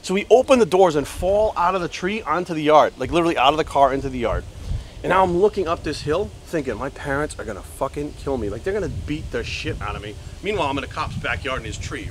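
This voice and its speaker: A man in his forties tells an animated story outdoors by a road, swearing freely as he goes. His voice sits a little high for a man. Faint traffic and outdoor noise run behind him. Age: 40s. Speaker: vlogger. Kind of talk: casual storytelling vlog.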